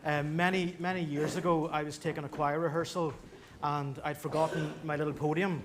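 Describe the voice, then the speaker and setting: A male choir conductor tells a self-deprecating story to the audience between songs. His voice sits on the higher side, and the live church recording carries clear hiss. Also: level tone, fairly quick.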